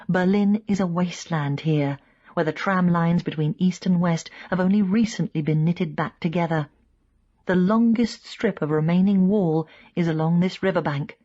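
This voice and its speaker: A woman's voice: dark tone, lo-fi sound. A woman narrating an audiobook in first person, lifting her voice for quoted speakers. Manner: reads in first person, voicing quoted speakers with raised pitch. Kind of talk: scripted narration.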